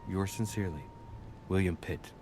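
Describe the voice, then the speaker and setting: An actor playing a young aristocratic man who reads formal letters aloud in a measured, courtly way. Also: low-pitched, music in the background, lightly acted. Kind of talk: game voice acting.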